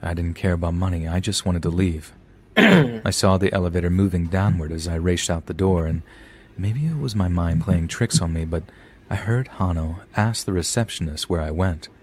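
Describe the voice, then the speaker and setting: A man's voice: low-pitched, moderate pace, husky. A man, a podcast host, reading a scary story aloud with some dry asides.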